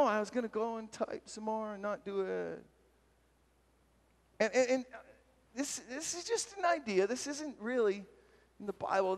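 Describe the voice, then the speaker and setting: A man giving a talk at a retreat, telling personal stories in a lively, self-deprecating way with frequent laughs. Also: high voice. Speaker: retreat speaker. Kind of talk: storytelling sermon talk. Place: large hall at a retreat. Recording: long hall reverb from a live talk.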